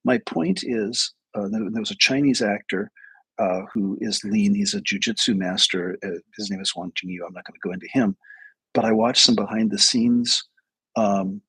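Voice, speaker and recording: Male host, low husky voice, dry close sound, meandering storyteller. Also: normal speed, fairly bright tone, dry recording, low-quality recording. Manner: rambling storyteller, many fillers and restarts. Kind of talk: casual livestream talk.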